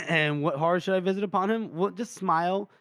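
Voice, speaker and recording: A man's voice: sits high, a little fast, a bit bright, clear, resonant tone, no room sound, clean studio sound. A man co-hosting a casual book podcast, acting out characters' lines with lots of laughter. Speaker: podcast co-host. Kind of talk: casual book-discussion chat.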